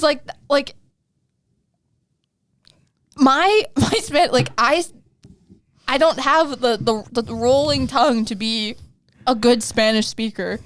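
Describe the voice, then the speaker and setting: A woman's voice: on the high side, measured pace, pauses often. A young woman co-hosting a podcast, telling stories in a chatty, giggly way with many restarts. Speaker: podcast co-host. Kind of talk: casual chat.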